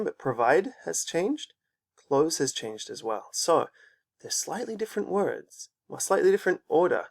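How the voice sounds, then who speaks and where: A man's voice: a little high, vocal fry. A man teaching an English pronunciation lesson, patiently repeating words for students to copy. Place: teaching in Japan.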